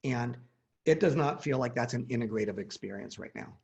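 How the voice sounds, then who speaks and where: Man in his 40s chatting, gravelly, mid pitch, acts out what people said. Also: fairly quick. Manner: animated storyteller, acts out quoted dialogue. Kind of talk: storytelling in casual conversation.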